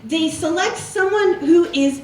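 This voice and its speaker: Brief: comedian plays high-voiced, slow, self-absorbed retail-worker oddball, rambling brags, recorded roomy on a live stage. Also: female voice, darkish tone, recorded from a distance, slight background noise. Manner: rambling, repetitive, tacks on "okay?". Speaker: stand-up character comedian. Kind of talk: live character stand-up monologue. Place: stage before a live audience. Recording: roomy live stage sound from afar with audience.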